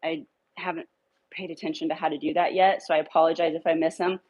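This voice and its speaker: A woman's voice: deep voice, flat delivery, fast, darkish tone, slightly rough, low-quality recording. A woman dog trainer giving a casual walk-through while coaching dogs on a leash, with upbeat coaxing praise. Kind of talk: casual training demo, talking to camera and dogs.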